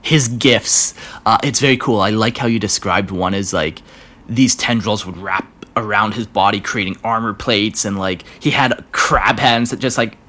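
A man with a somewhat low voice hosting a storytelling podcast. He reads a listener's tale with halting, dramatic pacing. Then he reacts in loose, casual chat full of fillers and laughter. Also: bright, forceful tone. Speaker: podcast host.

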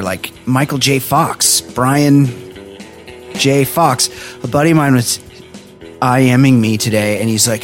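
A man's voice: mid-range voice, measured pace, pauses often. Male podcast host, casual rambling storyteller, light music bed behind. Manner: rambling, animated storytelling with voices for friends. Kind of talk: casual chat.

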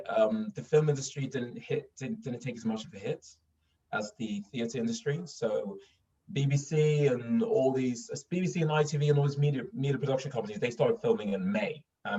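A man's voice: mid-range voice, a little mellow. A man from Sweden talking casually in an interview, full of restarts and fillers. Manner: rambling, many restarts and fillers. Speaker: guest actor. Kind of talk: casual interview over video call. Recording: distant, dull lo-fi mic.

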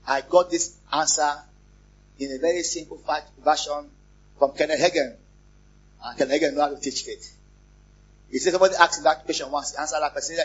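A pastor, preaching a lively sermon, repeating phrases and joking with the congregation. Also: male voice, a little high, breathy edge. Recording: muffled, lo-fi church recording.

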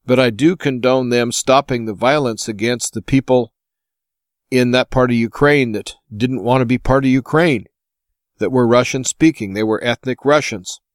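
A man's voice: mid-range voice, normal speed, no room sound, studio quality. An American man hosting his own show, delivering an impassioned opinion monologue full of rhetorical questions. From United States. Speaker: host.

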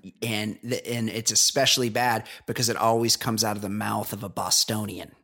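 A man's voice: on the low side, fairly even intonation, a little fast, pushed and bright. A man hosting a podcast in casual chat, joking crudely and reading listener emails. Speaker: podcast host.

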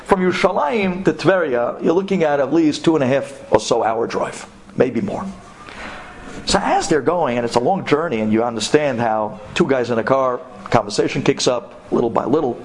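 A man telling a religious story to an audience of women, animated and dramatic, mixing in Hebrew terms. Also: medium pitch, a little hiss or hum. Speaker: speaker.

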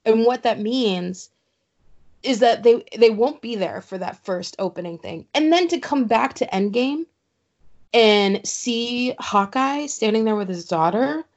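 A woman chatting casually as co-host, telling stories emphatically and with lively feeling. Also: a little high, measured pace. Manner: animated, emphatic storyteller. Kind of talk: casual chat. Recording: slightly dull lo-fi sound.

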